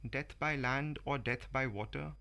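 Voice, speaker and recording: A man voicing a clever male monkey in a fable poem, read slowly in measured verse. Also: medium pitch, vocal fry, pushed and bright. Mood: quick-witted. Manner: slow, measured verse reading.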